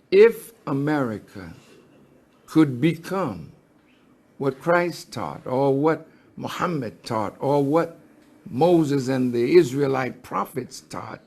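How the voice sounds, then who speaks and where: Slow, deliberate male speaker, preacher-like cadence, gravelly voice. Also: medium pitch, a little mellow.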